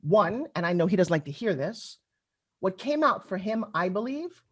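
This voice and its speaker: A middle-aged woman with a medium-pitched voice speaks at a normal pace, telling stories during a chatty conference keynote. She is animated and talkative, speaking directly to the audience.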